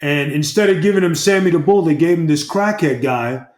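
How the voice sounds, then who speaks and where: A man's voice: fairly high pitch, fairly quick, darkish tone. A man co-hosting a podcast as a mob historian, talking bluntly and profanely in a rambling way. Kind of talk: casual podcast chat. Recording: roomy echo.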